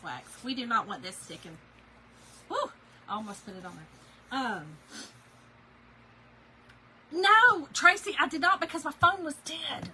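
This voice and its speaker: A woman's voice: on the high side, bright, forceful tone, slight background noise, low-quality recording. A woman, chatting and laughing as she tells a story to her viewers while working on a craft project. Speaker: craft video host.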